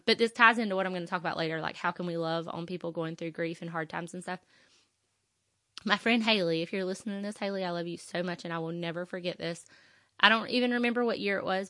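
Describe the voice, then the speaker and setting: A woman's voice: lowish voice, pushed and bright, no echo, clean studio sound. A woman, talking on her faith podcast in an emotional, rambling way with many fillers. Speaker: podcast host. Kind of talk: personal faith podcast talk.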